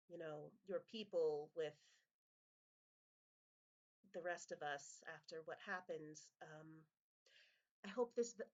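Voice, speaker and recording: A woman voicing a tall, regal woman who hosts a masquerade, speaking politely and warmly with small hesitations, in a tabletop game. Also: lowish voice, muffled recording.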